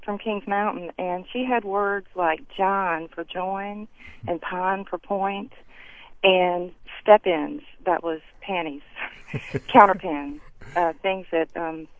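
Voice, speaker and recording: A woman's voice: lowish voice, steady tone, slow pace. A woman from North Carolina with a Southern accent, calling in and chatting hesitantly with easy laughter. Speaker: caller. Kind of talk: casual chat. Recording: dull phone line.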